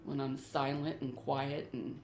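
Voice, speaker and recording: This middle-aged homeowner has a rumbling low voice that barely moves in pitch, a little slow and a little mellow, with faint music behind her. She earnestly and anxiously recounts hauntings in her home for a paranormal show, often repeating herself, in an echoey room with faint noise.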